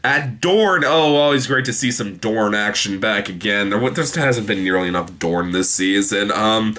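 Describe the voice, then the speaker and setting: Bright-voiced young man rambling a recap. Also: fairly low pitch, animated. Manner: rambling, many fillers and restarts, quotes characters in quick voices. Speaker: TV show reviewer. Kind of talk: casual episode recap.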